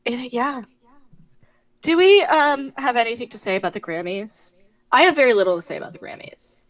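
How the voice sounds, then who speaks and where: A young woman co-hosting a podcast, chatting casually and gossiping with quick asides. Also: on the high side, expressive. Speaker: podcast co-host. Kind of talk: casual chat.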